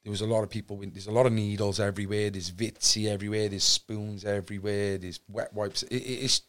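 A young Welsh man with a Cardiff accent recounts his past on a podcast, his voice sitting low. He rambles and restarts often, piling up fillers as he tells his story. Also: flat delivery, fast, fairly bright tone. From Wales. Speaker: podcast guest. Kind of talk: candid storytelling.

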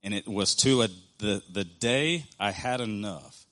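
A man's voice: lowish voice, a bit bright. Earnest man preaching a sermon. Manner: earnest, conversational, with slow emphatic pauses.

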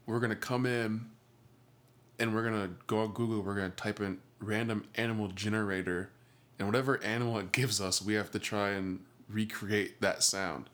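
Young man, lowish pitch, podcast co-host, slangy rambling talk. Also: fairly even intonation, moderate pace, fairly bright tone. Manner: slangy, rambling, says bro a lot. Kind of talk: casual podcast chat.

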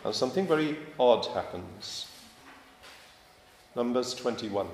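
Male preacher, animated, conversational and emphatic, recorded in a reverberant hall. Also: mid-range voice, a little slow, a little hiss or hum. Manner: conversational, questioning the congregation, emphatic. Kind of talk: sermon. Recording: echoey hall, faint ambience.

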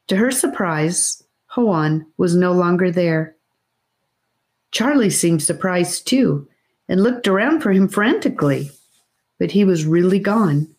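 Slow, lowish woman reading aloud. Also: darkish tone. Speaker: audiobook narrator. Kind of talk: scripted narration.

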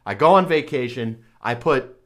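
A man's voice: medium pitch, lively intonation, normal speed. Podcast host guy, mid voice, dry and laid-back, just goes along with the joke. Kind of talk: casual comedy podcast chat.

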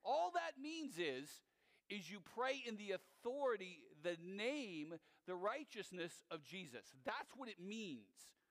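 A man preaching a sermon as pastor, in an animated, conversational way with asides to his listeners. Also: sits high, slow, in a large hall.

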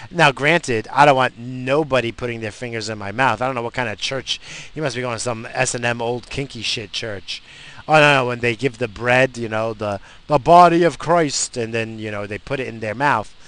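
A man rambles on from behind the wheel of his car, with his voice at a middle pitch. His talk is loose, crude and full of swearing, and he drifts from one thought to the next. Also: fairly bright tone. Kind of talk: rambling casual monologue. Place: in a car while driving.

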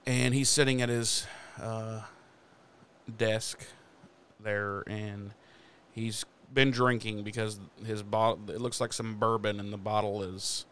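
Smooth-voiced man recapping a show. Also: fairly low pitch, slow pace. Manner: animated storyteller who acts out the characters' lines. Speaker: podcast host recapping an episode. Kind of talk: casual chat.

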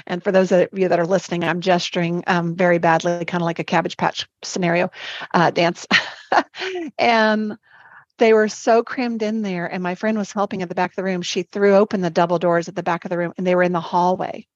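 Lively woman telling her story, laughs a lot, kinda muffled dry sound. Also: lowish voice, dry recording. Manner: animated, laughs often, rushes through lists. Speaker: guest, spiritual life coach and Zumba instructor. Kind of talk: personal storytelling in a podcast interview.

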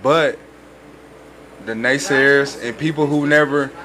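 A man's voice: medium pitch, fairly even intonation, slow, sharp tone, poor audio. A man, a guest on a casual podcast, giving blunt advice and repeating "listen" to hold the floor. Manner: insistent, repeats "listen", profane.

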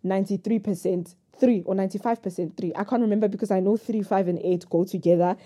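Young female vlogger, warm low-key tone, candid and rambling, jumps tangents, pokes fun at herself. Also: fairly even intonation, fast. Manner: rambling, jumps between thoughts; frank and personal, self-mocking humor. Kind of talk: candid confessional vlog talk.

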